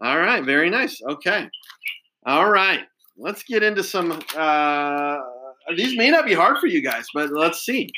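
A man runs a casual quiz between two players. His voice is bright and a touch high. He praises the answers in an upbeat way, with plenty of chatty fillers. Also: animated, unhurried, slight background noise, poor audio. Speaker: quiz host.

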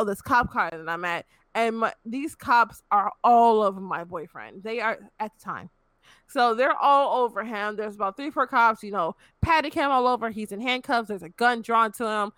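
A woman's voice: a little high, sharp tone, no room sound. A young woman in her twenties frankly telling a personal story in casual chat, swearing and filling with "you know".

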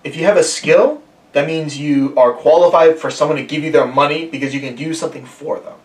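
A man's voice: fairly high pitch, brisk, echoey room, far from the mic, slight background noise. A man in his twenties hosting a casual podcast, talking in a laid-back, rambling way with many fillers. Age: 20s. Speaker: podcast host. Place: room shared with guests.

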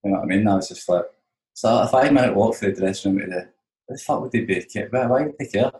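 A Scottish man with a lowish voice tells rambling, sweary stories as a touring musician, leaning on "you know what I mean" again and again. He speaks in a roomy space that gives his voice a clear echo. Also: quick pace, a little mellow. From Scotland. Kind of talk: casual storytelling chat.

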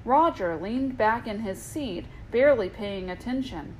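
A woman reads a bedtime story aloud in a gentle, playful manner. Her voice sits fairly high, with a faint hiss of noise behind it. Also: lively intonation, measured pace, poor audio. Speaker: host and storyteller.

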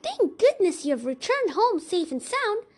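A woman voicing a small, fussy mother mouse in a storybook reading, scolding and shrill. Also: very animated, moderate pace, a little mellow.

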